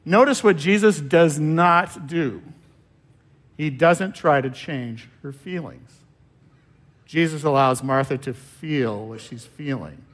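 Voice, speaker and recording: Slow, measured male preacher. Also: fairly high pitch, a bit bright. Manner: slow, measured preaching with long pauses and trailing-off endings. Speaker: pastor. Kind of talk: sermon.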